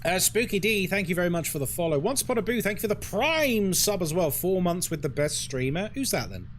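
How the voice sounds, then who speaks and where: Animated, chatty male game streamer. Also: high voice, brisk, slight background noise. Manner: chatty, ranting, swears and laughs often. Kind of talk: casual live-stream commentary.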